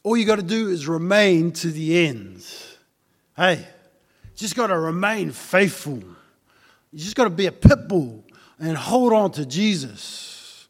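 A male pastor delivers a sermon in a high voice and at a slow, deliberate pace. He talks casually and keeps coming back to the same pointed questions for the congregation. His voice rings out with a long reverb from the church hall. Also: animated. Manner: repeats rhetorical questions to the congregation; tells a joke story in a loose, conversational way.

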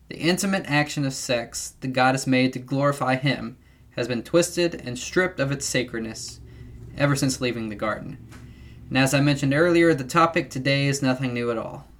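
A young adult man hosting a podcast, giving an earnest, measured devotional teaching with occasional wry asides. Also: mid-range voice, fairly bright tone. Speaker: podcast host teaching the Bible.

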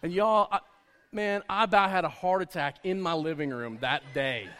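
Guy preaching a story-style sermon, slightly high voice, big echoey hall. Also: moderate pace. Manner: animated storyteller, acts out dialogue. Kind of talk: sermon told as a personal story. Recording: long hall reverb.

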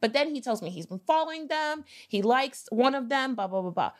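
A woman with a fairly high voice talks as a podcast guest. She tells her story in an animated, conversational way, slipping into other people's voices for quoted lines and cursing casually. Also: brisk. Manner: animated, acts out quoted dialogue, swears casually. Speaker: podcast guest, business owner.

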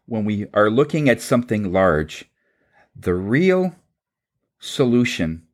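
A man telling a long anecdote in a casual, halting way, voicing the people in it, then drawing a spiritual lesson. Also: on the low side. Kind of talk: storytelling talk with a spiritual message.

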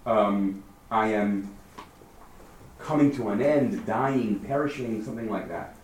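A man leading a text study class, lively and questioning, thinking aloud as he explains. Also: on the low side, takes it slowly. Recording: roomy, far from the mic, faint noise.

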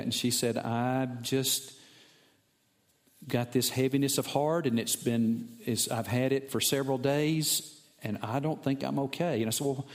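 Pastor preaching with rising passion. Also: male voice, medium pitch. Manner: storytelling, rising to impassioned emphasis. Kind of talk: sermon.

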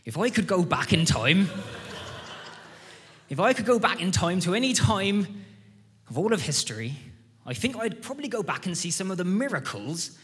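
A devout old church lady, pious and reverent, her voice raised a touch and bright, as a male preacher puts her on. Long hall reverb trails every phrase. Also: sits high, sing-song, normal speed, long pauses, voice pushed up. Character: devout elderly churchgoing woman.

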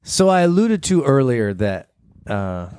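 A man's voice: medium pitch, sing-song, unhurried, a little mellow, clean tone, dry recording. A man co-hosting a podcast in casual chat, rambling and laughing mid-sentence as he jumps between thoughts. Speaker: podcast co-host.

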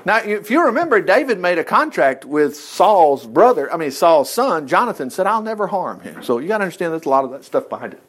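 A man preaching a folksy, animated sermon, reading scripture, acting out the quoted lines and laughing often. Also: sits high, brisk, hardly any pauses, breathy edge.

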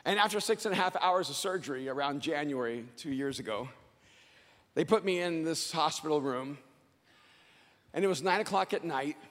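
A man delivers a motivational speech in a high, bright, forceful voice, pushing his lines close to a shout and slowing down for emphasis. His words ring out with a long reverb from a large hall. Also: lively intonation. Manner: loud and emphatic, often near a shout, with slow dramatic phrasing. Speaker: motivational speaker. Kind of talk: motivational speech to a live audience.

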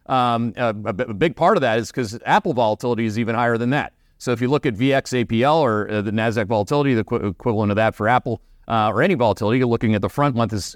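A man's voice: mid-range voice, no echo, clean studio sound. A Canadian man hosting a market commentary show, talking bluntly and emphatically with many fillers. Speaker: investment show host.

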